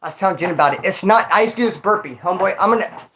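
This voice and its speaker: A vlogger, a man, tells stories into his phone on a casual vlog, out of breath from exercise and talking street slang while calling the listener dog and homie. His high voice races along with a bright, forceful tone.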